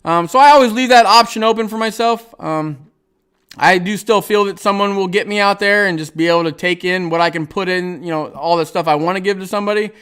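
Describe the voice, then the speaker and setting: Man, livestream host, high bright voice, smooth clear tone, rambling casual chat, lots of ums and restarts. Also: fairly quick. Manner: rambling, hesitant, many fillers and restarts; chuckles often while talking. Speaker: livestream host reading viewer comments.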